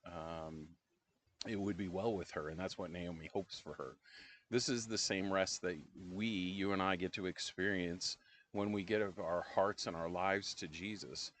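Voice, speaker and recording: Very low-voiced middle-aged man leading Bible study. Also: slight background noise. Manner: relaxed and conversational, with frequent "um" pauses. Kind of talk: casual Bible-study discussion.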